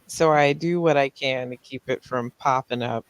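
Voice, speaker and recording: A man's voice: mid-range voice, normal speed, clear, resonant tone, dry recording. A man from Florida with a mild Southern US accent, chatting bluntly and self-mockingly as a podcast co-host. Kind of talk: casual chat.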